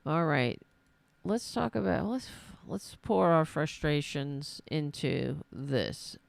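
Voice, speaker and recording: A woman's voice: sits low, animated, takes it slowly, gravelly, dry recording. A woman from New York with a New York accent, hosting a solo political podcast and ranting in a frustrated, self-deprecating way. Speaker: podcast host.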